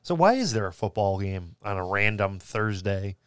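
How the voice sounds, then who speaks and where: A man's voice: on the low side, moderate pace, clear, resonant tone, dry recording. A man co-hosting a podcast in casual, dry conversation, telling stories with plenty of fillers. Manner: relaxed, dry, storytelling with many fillers. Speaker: podcast co-host. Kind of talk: casual chat.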